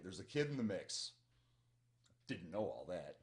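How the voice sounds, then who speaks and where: A Midwestern man with a lowish voice who reads passages from a novel aloud. Between passages he breaks off into chatty, eager commentary and often interrupts himself. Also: sing-song, unhurried, long pauses. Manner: chatty, enthusiastic, self-interrupting. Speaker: book reaction host. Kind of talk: reading aloud and reacting to a novel.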